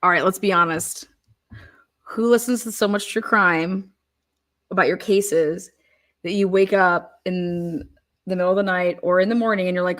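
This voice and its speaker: A woman's voice: fairly low pitch, steady tone, moderate pace, a bit bright. Chatty woman hosting a livestream. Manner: chatty, giggly, talks to her viewers. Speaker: livestream host. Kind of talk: casual chat over a courtroom livestream.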